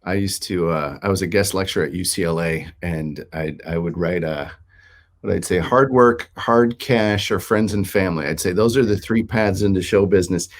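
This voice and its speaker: Middle-aged man hosting, low and rambling. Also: normal speed. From Minnesota. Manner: rambling, with many restarts and fillers. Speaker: talk show host. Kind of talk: casual interview chat.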